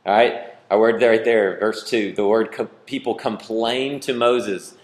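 A man preaching a sermon as pastor, animated and playful, with joking asides to his congregation. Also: fairly low pitch, measured pace, echoey room.

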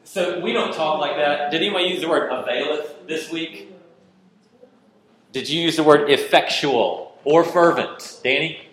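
A man preaching and teaching a Bible verse, lively and conversational, acting out little scenes and questioning his listeners. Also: on the high side, a little slow. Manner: animated, acts out little scenes, asks the room questions. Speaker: pastor. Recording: roomy echo.

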